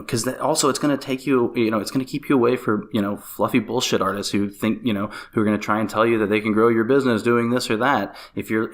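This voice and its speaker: Lively low-voiced man, guest on a podcast. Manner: animated, many fillers and restarts. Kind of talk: casual interview chat.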